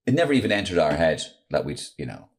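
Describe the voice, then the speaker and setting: A middle-aged Irish comedian chats as a podcast guest in a very deep voice. He tells his stories with animation and often drops into other people's voices. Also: quick pace, breathy edge. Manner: animated anecdotes, slips into voices. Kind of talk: casual podcast storytelling.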